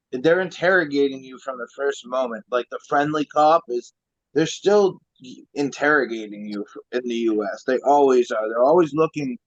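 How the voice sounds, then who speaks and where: A man's voice: medium pitch, dry recording. A man in a casual chat, speaking bluntly and with firm opinions. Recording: dull lo-fi mic.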